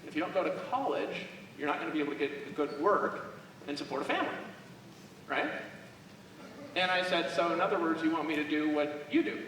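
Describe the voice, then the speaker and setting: A man's voice: fairly high pitch, brisk, fairly bright tone, slight background noise. Man joking on stage in an echoey hall. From Alaska. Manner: rambling and joking, talks to the crowd. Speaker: motivational speaker. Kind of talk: live stage talk telling stories. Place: large event hall. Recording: echoey hall recorded from far off.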